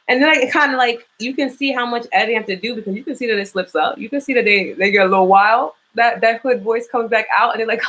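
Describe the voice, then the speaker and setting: A young adult woman with a New York accent hosting a casual live chat, frank and profane, swooping up in pitch when she gets worked up. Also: fast talker, a bit bright, rough recording. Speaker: podcast host.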